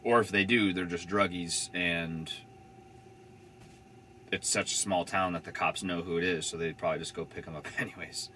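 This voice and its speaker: A man's voice: sits low, steady tone, normal speed, pushed and bright, a little hiss or hum. A young man telling a van-life story in a casual, rambling way, full of fillers and swearing. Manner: rambling, laid-back, swears freely, many "like" fillers.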